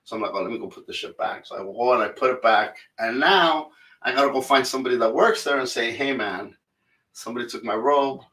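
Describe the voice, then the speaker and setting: A man co-hosting a podcast and telling an animated, profanity-laced story. His voice has a bright edge. It is recorded a little off-mic in an echoey room. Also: medium pitch, quick pace, distant mic. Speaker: podcast co-host. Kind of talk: casual storytelling chat.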